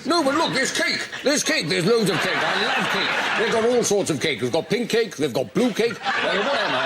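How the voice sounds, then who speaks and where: Guy doing posh politician, greedy and boastful, all over the place in pitch, loud hiss behind. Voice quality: plummy, blustering. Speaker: comedy panelist. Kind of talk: improvised voiceover impressions. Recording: noisy studio with audience laughter.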